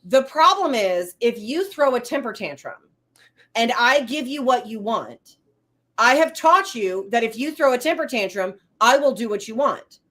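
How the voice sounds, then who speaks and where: A middle-aged woman from the United States co-hosting a casual live-stream chat, firm and steady in how she speaks. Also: on the high side, moderate pace. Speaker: co-host.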